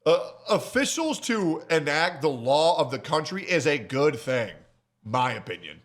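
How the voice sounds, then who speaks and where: A man's voice: a little high, sing-song, unhurried. A man co-hosting a reaction stream, throwing in blunt, jeering comments. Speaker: co-host commenting alongside. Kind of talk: casual reaction chat.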